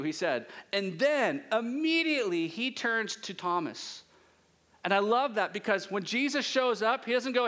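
A male pastor preaching a conversational sermon with rhetorical questions and drawn-out pauses. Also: sits high, very animated, a bit bright.

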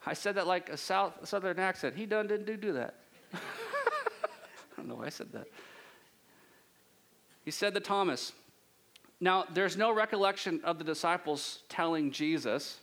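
A male pastor preaching a conversational sermon with rhetorical questions and drawn-out pauses. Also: on the high side, fairly bright tone.

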